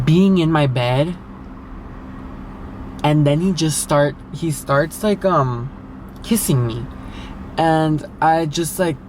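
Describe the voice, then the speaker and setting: A man's voice: medium pitch, a little hiss or hum. A young man telling a candid personal story in a casual vlog, talking loosely with lots of fillers and swearing. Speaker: vlogger.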